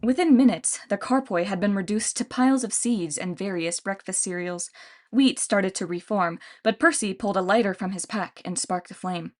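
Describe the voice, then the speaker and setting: A woman narrating a fantasy novel as an audiobook reader in a steady storytelling manner. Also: medium pitch, normal speed.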